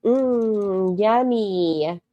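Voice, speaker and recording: A woman's voice: mid-range voice, drawn-out words, mellow, muffled recording, soft background music. A woman making snarky reaction commentary on a video, mocking it and swearing freely. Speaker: commentary streamer.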